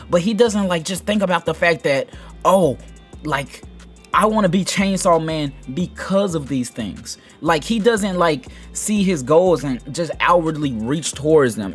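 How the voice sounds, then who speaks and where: A man giving casual anime commentary, rambling and animated, with lots of fillers. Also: fairly high pitch. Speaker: anime video host.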